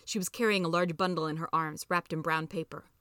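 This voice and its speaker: A woman reading a story aloud as the regular narrator of a podcast, in steady, plain narration. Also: sits low, brisk, clear, resonant tone, no echo, clean studio sound. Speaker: podcast reader.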